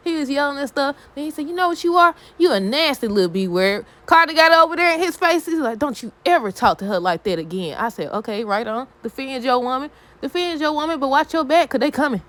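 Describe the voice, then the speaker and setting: Woman, casual recap, chatty, animated, slightly high voice. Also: fast talker, hardly any pauses. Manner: chatty, animated, laughs often, quotes characters. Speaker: soap opera reviewer. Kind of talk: casual recap talk to viewers.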